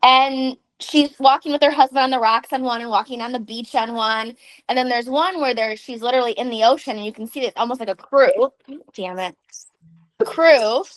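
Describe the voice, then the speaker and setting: A woman in her thirties co-hosts a casual podcast, telling stories in an animated way. Her voice sits a little high, and she drops the odd swear word. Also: moderate pace. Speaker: podcast co-host. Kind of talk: casual chat.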